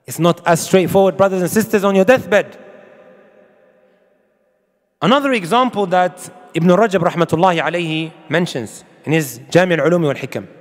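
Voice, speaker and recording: An Islamic preacher delivers an emphatic sermon to an audience in a large hall, filling it with rhetorical questions and Arabic quotations. His voice sits high and his pace is moderate.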